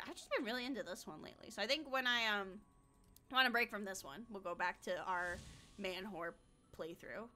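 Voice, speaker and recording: A young American woman chats casually while streaming a game, giggling, speaking bluntly, and swearing freely. Her voice sits high with a sharp tone.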